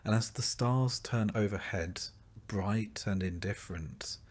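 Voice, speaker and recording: Male narrator, lower register, soft and unhurried second-person sleep-story read. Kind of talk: slow, calm scripted sleep narration.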